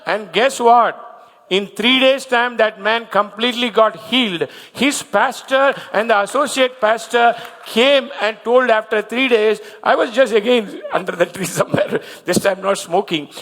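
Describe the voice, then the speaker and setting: A man's voice: sits high, unhurried, fairly bright tone. A male preacher telling a story in a sermon and leading the congregation in confession. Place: church. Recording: long hall reverb, faint music.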